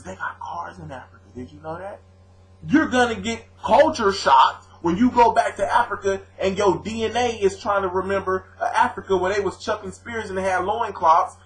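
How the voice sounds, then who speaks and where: This is a young man recording a casual vlog, arguing with his commenters in loose, everyday slang. His voice sits on the higher side for a man. He stays animated and combative, speaking directly to the viewers as he makes his case. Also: rough recording. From born in Louisiana, raised on the US West Coast. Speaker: vlogger answering his commenters. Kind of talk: casual argumentative video rant.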